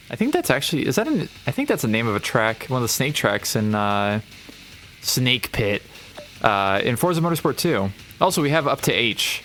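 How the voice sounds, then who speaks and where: A man's voice: mid-range voice, fairly bright tone. A man giving casual, rambling commentary on a game playthrough, thinking aloud with wry asides. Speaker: gaming channel host. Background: racing game sounds and music.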